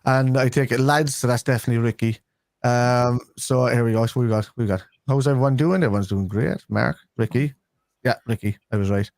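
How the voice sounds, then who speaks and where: A man's voice: mid-range voice, fairly even intonation, a little fast, a little mellow, no room sound. A man hosting a casual football livestream chat, chatty and friendly with his guests. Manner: chatty, calls everyone lad. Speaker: host.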